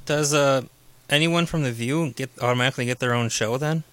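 A man's voice: medium pitch, fairly quick, fairly bright tone, dry recording. A man as co-host on a talk radio show, dropping dry short quips.

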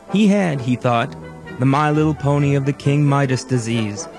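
A man narrating an absurd mock-documentary segment in a deadpan, mock-serious manner, with music behind him. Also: fairly high pitch. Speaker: recorded comedy segment narrator.

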